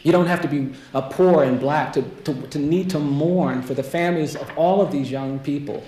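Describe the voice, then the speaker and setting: A man from the United States giving a keynote as a death-row lawyer, telling a personal story quietly and earnestly, and building to rhetorical repetition. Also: fairly high pitch, moderate pace. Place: lecture hall. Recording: roomy hall echo, faint noise.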